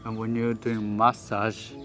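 A woman from southeast Korea, a native Korean speaker, chats in English as a co-host. Her voice sits very low, and she often pauses to search for words. Music plays clearly in the background. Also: completely flat delivery. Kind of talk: casual chat.

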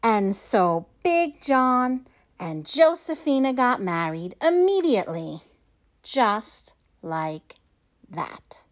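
Woman, children's read-aloud, expressive storytelling, fairly high voice, slow pace. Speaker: storytime reader.

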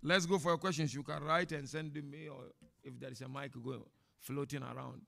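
Bright, gravelly-voiced man teaching. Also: on the high side, fairly quick. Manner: animated, chatty teacher with laughs and asides. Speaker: sheikh giving a talk and answering questions. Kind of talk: informal religious lecture with Q&A. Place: mosque hall before an audience.

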